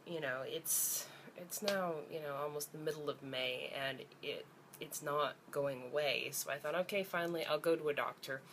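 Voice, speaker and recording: A woman's voice: sits low, a little hiss or hum. Blunt, profane young Canadian woman vlogger. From Canada (Ontario). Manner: blunt and profane, rising to heated exasperation. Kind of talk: ranting vlog to camera.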